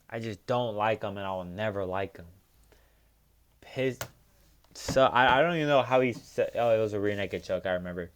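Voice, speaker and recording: A man's voice: on the low side, normal speed. Profane young man ranting about fights. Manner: profane, heated rants with frequent fillers. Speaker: MMA recap host. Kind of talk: casual solo commentary.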